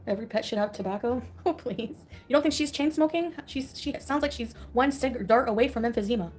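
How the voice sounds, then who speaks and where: Fast, scornful woman ranting on a livestream. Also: fairly high pitch, darkish tone, soft background music. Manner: scornful, blunt and sarcastic, laughing often. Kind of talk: casual livestream rant.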